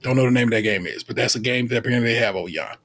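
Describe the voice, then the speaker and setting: He speaks very fast in a mid-range voice. An American podcast co-host, he's recapping a baking show in an animated, playful chat full of slang, some of it Southern-leaning like "y'all."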